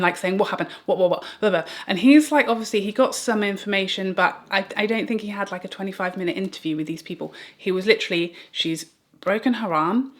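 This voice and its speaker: A British woman vlogger telling a personal story in a rambling, animated way, with restarts and small laughs. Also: lowish voice. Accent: British English. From Britain. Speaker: beauty vlogger. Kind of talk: get-ready-with-me storytime.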